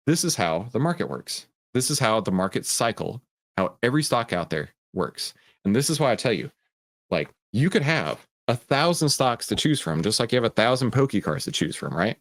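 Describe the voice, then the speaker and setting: A man's voice: medium pitch, normal speed. A man hosting a stock market show, explaining in a casual, conversational way with frequent asides. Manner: animated storyteller who acts out voices.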